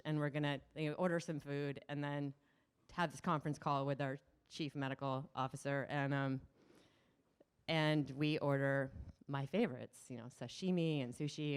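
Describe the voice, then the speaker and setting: Middle-aged woman storyteller on a small stage, low-pitched, animated, restarts a lot. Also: clean tone. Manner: animated, laughing, many restarts. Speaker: storyteller at a community event. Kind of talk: live personal storytelling.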